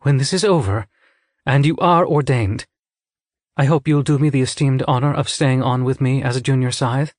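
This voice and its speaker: A man's voice: medium pitch, normal speed, dry recording, studio quality, pitched above the performer's own voice, natural voice. A man reading an audiobook, voicing a revered elderly woman scythe who is anxious and protective in an earnest, tender way.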